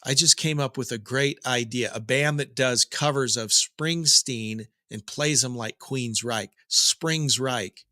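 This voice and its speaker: A man's voice: mid-range voice, unhurried, few pauses, bright, forceful tone, no room sound, studio quality. A middle-aged man hosting a daily rock news update, chatting casually with jokes and digressions. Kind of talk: casual rambling commentary.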